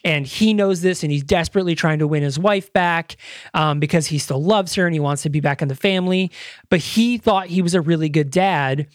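A man's voice: a little high, brisk, no room sound, studio quality. A man co-hosting a podcast, chatting casually, rambling and enthusiastic with casual swearing. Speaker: podcast co-host. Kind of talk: casual chat.

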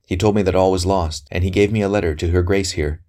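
A man's voice: low-pitched, steady tone, fast, warm tone, close to an everyday voice. A man reading aloud voices a young priest who speaks carefully and earnestly in a novel. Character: young earnest male priest, guarded courier. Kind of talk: audiobook character reading.

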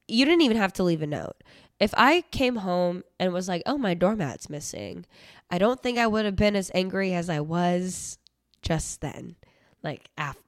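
Young woman podcaster, casual and rambling, swears freely; lowish voice, dry recording. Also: no echo. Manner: chatty storytelling with heavy swearing and frequent fillers. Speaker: podcast host. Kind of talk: casual solo podcast chat.

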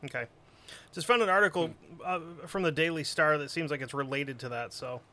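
Man, slightly high pitch, bright tone, dry remarks, casual podcast host. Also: fairly quick. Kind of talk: casual chat.

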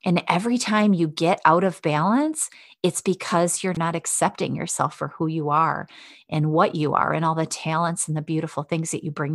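Encouraging woman with a low, dry voice. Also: gravelly, dry recording. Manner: warm, encouraging, speaks to the listener directly. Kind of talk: self-help podcast talk.

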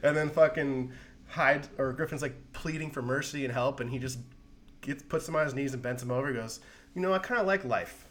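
A man co-hosting a casual podcast, excitedly retelling a comic plot in a rambling, profane way full of "like". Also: mid-range voice, brisk. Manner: rambling, profane, heavy use of "like". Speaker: podcast co-host.

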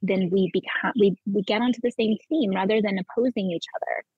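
A woman of middle pitch speaking as a guest on a podcast, earnest and spiritual in tone. She restarts and repeats words as she thinks aloud. The recording is dull and lo-fi, with a dry sound and almost no room echo. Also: fairly quick, slightly rough. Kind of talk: conversational interview.

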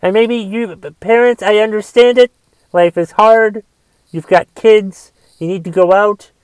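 A man's voice: high voice, steady tone, measured pace, darkish tone, clear, resonant tone, dry recording. A man delivering a solo rant, exasperated and swearing often as he talks. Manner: profane, exasperated ranting with restarts.

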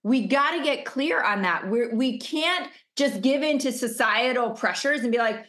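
A woman's voice: high-pitched, normal speed, hardly any pauses, fairly bright tone. A middle-aged woman coach giving an emphatic motivational masterclass over a video call, stacking up rhetorical questions. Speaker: business coach.

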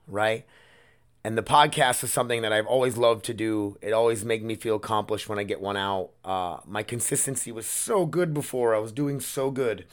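A man hosting his own solo podcast, talking casually in a rambling, candid way and swearing often, close on the mic. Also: on the low side. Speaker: podcast host.

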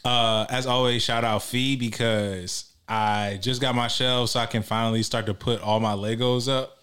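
Guy hosting a chill podcast, rambles, lots of uhs and likes, normal pitch. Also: steady tone, moderate pace, a bit bright, clean tone. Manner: rambling, laughing, lots of fillers. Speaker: podcast host. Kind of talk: casual chat.

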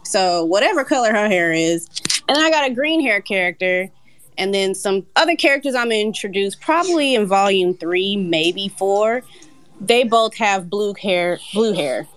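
A woman talking as a guest comic artist in casual chat, animated and laughing often. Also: medium pitch, moderate pace.

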